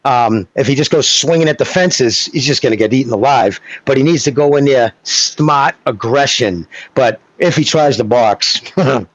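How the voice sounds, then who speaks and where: A man's voice: mid-range voice, normal speed, hardly any pauses, no echo. A man co-hosting a boxing podcast, talking in a loose, rambling way. He swears casually and keeps checking in with "you know what I mean". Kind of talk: casual chat, technical breakdown. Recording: dull lo-fi sound.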